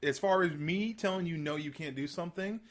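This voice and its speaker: A young man co-hosting a casual podcast, teasing and challenging his co-host in quick banter. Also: a little high.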